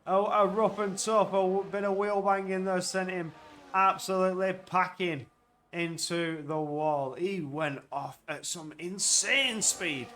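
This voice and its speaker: Excitable high-voiced race commentator man. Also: a little slow, slight background noise. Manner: excitable, shouts at crashes and overtakes. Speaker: sim racing commentator.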